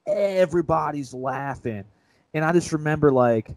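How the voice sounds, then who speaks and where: A man's voice: fairly high pitch, moderate pace, a little mellow, no room sound, low-quality recording. A young man co-hosting a casual sports podcast, retelling a story in a rambling, self-mocking way. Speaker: podcast co-host.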